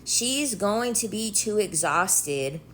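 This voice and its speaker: A woman's voice: mid-range voice, expressive, slow pace, fairly bright tone, slight background noise. A woman giving her dating opinions in a confident, matter-of-fact, lecturing way.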